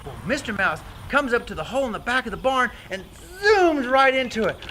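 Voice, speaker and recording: A man with a very high, lively voice tells a children's story and talks straight to the listening kids. Steady traffic noise comes from outdoors behind him. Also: brisk, rough recording. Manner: animated, addresses kids directly.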